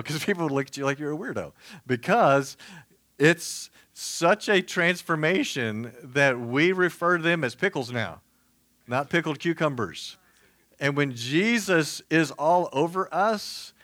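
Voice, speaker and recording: A man's voice: on the high side, lively intonation, unhurried, a bit bright, dry recording. A man preaching a casual sermon, chatty and joking, full of fillers and asides. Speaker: pastor.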